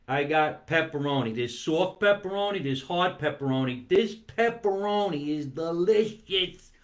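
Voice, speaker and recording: A man's voice: a little high, expressive, measured pace, hardly any pauses. A man hosting a comedy talk show from his basement, chatting playfully while he eats and stretching out words for comic emphasis. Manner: talks while eating. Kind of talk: live-streamed comic monologue. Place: home basement.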